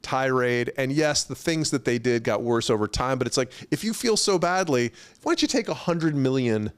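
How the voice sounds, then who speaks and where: A man's voice: mid-range voice, animated, normal speed, smooth. Thoughtful man hosting a podcast. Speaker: podcast host. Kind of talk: casual interview chat.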